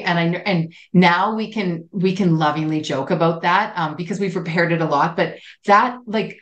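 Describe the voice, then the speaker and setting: A woman co-hosting a podcast as a relationship psychologist, telling an expressive personal story with many restarts. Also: lowish voice, moderate pace, hardly any pauses, reverberant. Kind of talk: casual podcast chat.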